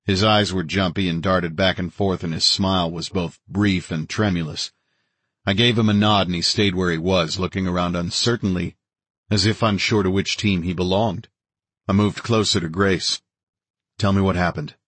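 A man narrating an audiobook in a steady, dramatic reading of scripted narration. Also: low-pitched, moderate pace, husky, dry recording.

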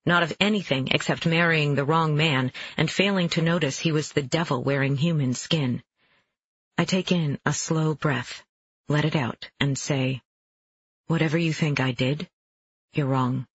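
Brief: male audiobook narrator, somewhat high, husky, measured first-person reading, dull lo-fi sound. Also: fairly bright tone. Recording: dull lo-fi dry recording.

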